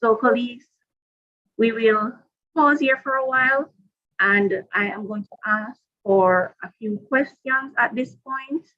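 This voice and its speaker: A woman presenting a professional development workshop to teachers, deliberate and repeating her key points. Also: fairly high pitch, muffled recording.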